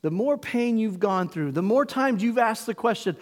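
High-voiced male pastor preaching in a hall. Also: animated. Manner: emphatic, call-and-response preaching with dramatic pauses. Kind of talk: sermon. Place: church sanctuary.

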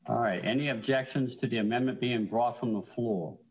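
A man chairing a council meeting, calling out item numbers and motions in a measured, procedural way. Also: mid-range voice, dull audio, slight background noise. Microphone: remote call-in audio.

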